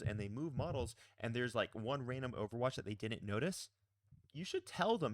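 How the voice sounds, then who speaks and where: A man's voice: mid-range voice, lively intonation, normal speed. A man coaching tabletop gamers in a casual, blunt manner, with a mildly profane edge. His voice rises and falls widely as he leans on his points. The recording is dry, with no room echo. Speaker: pro player and coach. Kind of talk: casual advice video.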